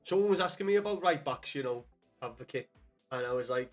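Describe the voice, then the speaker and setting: A man's voice: medium pitch, expressive, brisk. Young Scouse man, live-stream host, casual sweary chat, mid-range voice, faint music underneath. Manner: chatty, swears often, calls viewers lad. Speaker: livestream host.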